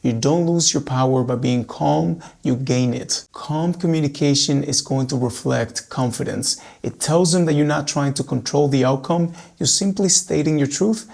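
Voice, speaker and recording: A man working as a relationship coach, speaking calmly and steadily straight to his women viewers, just back from an illness that cost him his voice. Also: fairly high pitch, creaky. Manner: calm, measured, addressing women viewers directly. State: recently recovered from losing his voice. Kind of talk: direct-to-camera advice talk.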